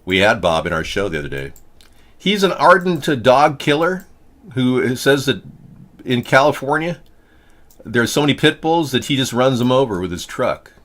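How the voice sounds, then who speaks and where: A man's voice: mid-range voice, expressive, normal speed, a bit bright. A man hosting a casual political talk show, rambling from story to story with a joking, sarcastic manner. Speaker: host.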